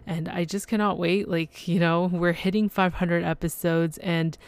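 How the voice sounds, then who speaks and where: Solo podcast host, woman, effusive and overwhelmed, smooth but gravelly voice. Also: on the low side, little pitch movement, moderate pace, no echo. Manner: effusive, gushing, many fillers and restarts. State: emotional and overwhelmed.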